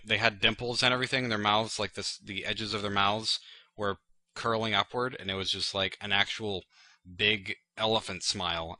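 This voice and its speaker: There's no room sound around this channel host, whose lowish voice comes across pushed and bright. He answers viewers' questions in a meandering, casual way, full of "like" and "you know" and jokes at his own expense.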